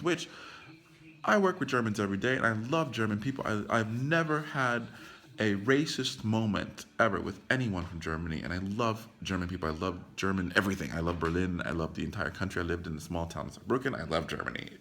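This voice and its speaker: A man's voice: on the low side, animated, a little fast, vocal fry, fairly bright tone. A young man talking casually into his phone camera about a film, rambling, leaning on "like" and swearing freely. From United States. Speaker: vlogger.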